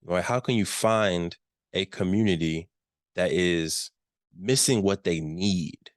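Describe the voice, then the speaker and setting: Deep-voiced man coaching on sales. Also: slow, dry recording, studio quality. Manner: emphatic, repeats key questions, asks "right?". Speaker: workshop presenter. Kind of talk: business coaching talk.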